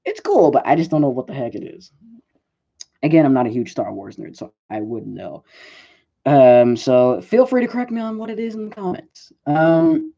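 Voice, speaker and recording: A man's voice: a little high, expressive, normal speed, gravelly, warm tone. A man giving a casual movie review, rambling with lots of "like" and fillers and often correcting himself, on a dull lo-fi recording. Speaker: film reviewer.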